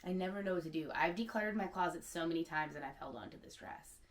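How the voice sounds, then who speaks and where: A candid, chatty woman in her thirties, talking on camera at home with a low, easy voice. She keeps it loose, with lots of little "like"s, in a casual vlog. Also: quick pace, a little hiss or hum. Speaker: secondhand stylist.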